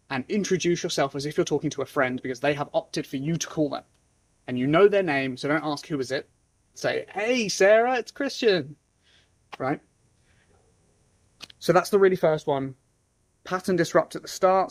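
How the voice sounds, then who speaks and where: A young man giving casual sales advice, now and then acting out phone calls in lively voices. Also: fairly high pitch, brisk, no room sound. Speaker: sales trainer. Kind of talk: casual talking-head advice.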